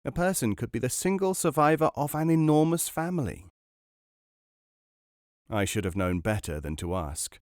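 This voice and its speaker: A man narrating a book aloud in a measured, expressive storytelling manner. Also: medium pitch, dry recording, clean studio sound. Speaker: podcast narrator. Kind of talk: audiobook reading.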